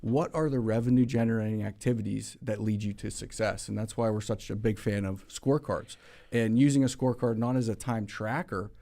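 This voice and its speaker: A man hosts a casual business chat, speaking earnestly and often restarting his sentences. His voice is low and mellow. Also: steady tone, a little fast, gravelly. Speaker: host.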